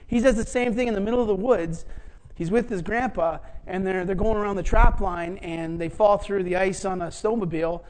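Middle-aged preacher, chatty sermon delivery with fillers and restarts, animated when acting out dialogue. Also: mid-range voice, a little fast, poor audio. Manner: animated, acts out quoted dialogue; conversational, many fillers and restarts. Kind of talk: sermon storytelling.

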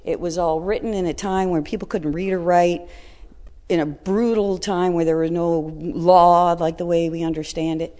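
A middle-aged woman telling a personal story in a blunt, colloquial, animated way. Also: fairly low pitch, moderate pace, long reverb tail.

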